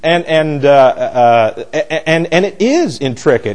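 A man leads a Bible class lecture with a blunt, emphatic delivery. His voice sits a little high for a man, and he often stops and restarts his sentences as he presses his points. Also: lively intonation, a little slow, a little mellow, low-quality recording. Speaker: Bible teacher.

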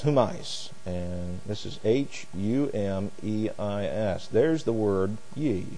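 A man's voice: mid-range voice, mellow, big-room sound. A man teaching a Bible lesson like a sermon, spelling out words letter by letter, with mocking asides. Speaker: preacher.

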